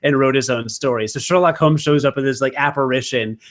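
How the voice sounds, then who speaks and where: Speaking a little fast in a mid-range, fairly bright voice, a man co-hosts a podcast. The chat is casual and rambling, self-deprecating and packed with fillers.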